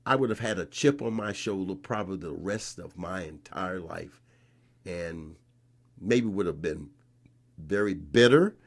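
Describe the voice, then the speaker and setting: Low gravelly older man telling a story. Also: measured pace. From North Carolina, USA. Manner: animated, re-enacts scenes with rising emphasis. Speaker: interview guest. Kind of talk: storytelling in conversation.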